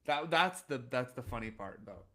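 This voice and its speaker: A young man co-hosting a podcast, recapping episode plots in a relaxed, casual way with frequent fillers. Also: mid-range voice, moderate pace. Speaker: podcast co-host. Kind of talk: casual chat.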